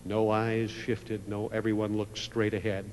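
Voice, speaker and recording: A man preaching a sermon, telling a story in a dramatic way that swells from a hush to a loud climax. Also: lowish voice, completely flat delivery, a little slow. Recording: reverberant hall with faint mains hum.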